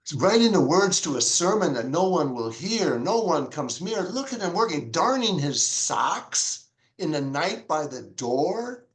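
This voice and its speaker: A man, a pastor, telling stories in an interview with a fairly high voice that leaps about as he acts out other people's words. The recording sounds roomy and echoey. He speaks in a lively, conversational way. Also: measured pace. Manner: animated, acts out quoted dialogue with big pitch jumps. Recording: echoey room.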